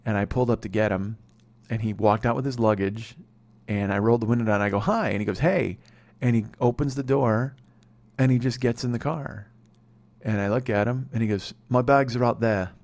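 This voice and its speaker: A man's voice: lowish voice, steady tone, brisk, a little mellow. A man in his forties, a comedy podcast host telling a rambling, profane, sardonic story. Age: 40s.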